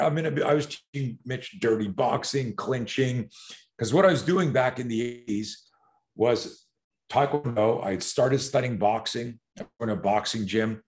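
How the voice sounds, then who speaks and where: A man in his sixties telling stories as a podcast guest. He is animated and profane, and he acts out quotes. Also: mid-range voice, normal speed. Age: 60s. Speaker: self-defense expert guest. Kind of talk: podcast storytelling.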